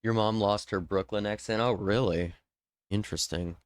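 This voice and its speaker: A man's voice: on the low side, fairly even intonation, moderate pace, clear, resonant tone, no echo, studio quality. Rambling young man streaming. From Indiana. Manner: rambling, thinking aloud with fillers. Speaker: livestream host. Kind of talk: casual stream chat.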